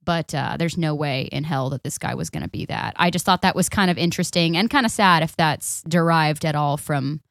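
Blunt, low-voiced woman podcast host. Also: a little fast, gravelly, few pauses, no room sound, studio quality. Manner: blunt, profane, opinionated. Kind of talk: casual true-crime chat and reading.

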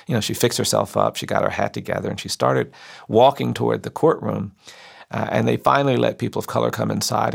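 A middle-aged lawyer telling a story slowly and earnestly, quoting the people in it. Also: male voice, medium pitch, gravelly, husky. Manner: slow, earnest storytelling with quoted voices. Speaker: civil rights lawyer. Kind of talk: storytelling speech.

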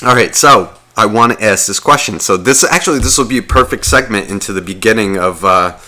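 A man's voice: a little fast, sharp tone. A man on a podcast telling crude, rambling stories, swearing a lot and mimicking other people. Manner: profane, mimics others in high voices. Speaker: podcast co-host. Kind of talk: crude casual storytelling.

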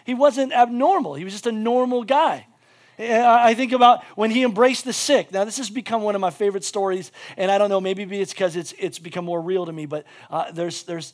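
A male pastor delivers a sermon in a high, bright-toned voice. He talks casually with lots of "like" fillers, jumping between loud, excited bursts and quiet, intimate asides. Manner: animated, quick shifts between loud bursts and hushed asides.

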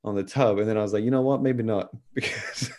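A man hosting a podcast, chatting in a relaxed, loose way. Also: medium pitch. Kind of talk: casual chat.

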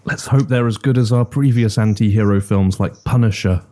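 Dry-humored man, dark mellow voice. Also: lowish voice, fairly quick. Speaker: podcast co-host. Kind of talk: casual chat.

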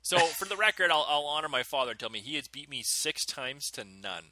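A man in his thirties, a podcast co-host, telling stories in an animated way and laughing often. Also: a little high, a little fast, no echo. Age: 30s. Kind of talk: casual chat.

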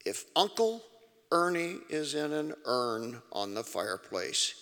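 A man preaching to an audience in an emphatic way, breaking into sudden loud, high outbursts. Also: very animated, slow. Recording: long reverb of a large hall.

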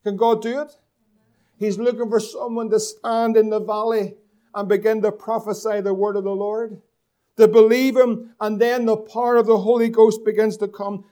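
High-voiced preaching pastor. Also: male voice, level tone, normal speed, mellow. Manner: preaching with rhetorical questions and stretched emphasis. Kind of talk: sermon.

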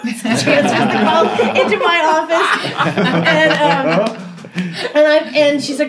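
A young adult woman casually recounts a personal story with lots of energy, laughing frequently and imitating the voices of the people she quotes. Her voice sits fairly high and her pace is moderate.

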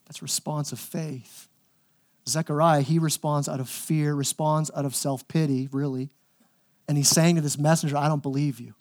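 A man preaching a sermon as pastor, conversational and humorous, often adding quick asides to the congregation. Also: on the high side, steady tone, a little mellow.

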